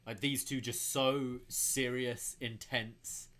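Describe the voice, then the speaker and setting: Relaxed man sharing opinions. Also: mid-range voice, takes it slowly. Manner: relaxed opinionated chat with frequent fillers. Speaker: podcast co-host. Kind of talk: casual wrestling discussion.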